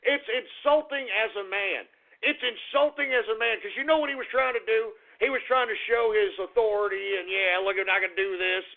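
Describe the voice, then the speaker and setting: A man's voice: very high voice, moderate pace, vocal fry. A male radio host in an agitated, profane, repetitive rant, venting about an encounter and a lot on his mind. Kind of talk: ranting talk radio monologue. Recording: tinny phone-like radio audio.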